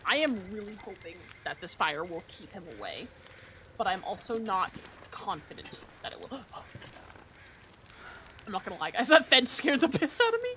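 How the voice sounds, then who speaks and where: A woman's voice: medium pitch, sing-song, normal speed, bright, forceful tone, a little hiss or hum. A woman streaming a survival game, talking casually, joking and swearing freely. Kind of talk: casual gameplay commentary.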